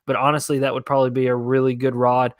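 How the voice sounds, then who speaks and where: A young man chats loosely through viewer questions on a fishing livestream. His voice sits at a middle pitch and is recorded close and dry, with no room sound. He rambles easily and stays casual. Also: monotone, fast talker, dry recording. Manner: laid-back, rambling, answering viewer questions. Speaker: fishing channel host.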